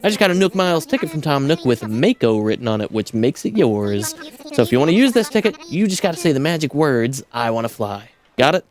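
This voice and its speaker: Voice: medium pitch, big pitch swings, brisk, a little mellow, natural voice. A streamer reading a game's dialogue aloud, voicing an eager male dodo who runs an airport counter with breezy patter. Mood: cheery.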